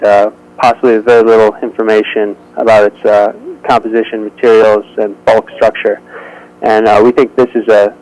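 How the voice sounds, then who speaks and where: This is a man with a somewhat low voice giving a technical presentation over a remote link. He speaks in a measured way, with frequent "uh" pauses as he works through each item. The delivery stays steady and explanatory. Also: low-quality recording. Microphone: remote audio link.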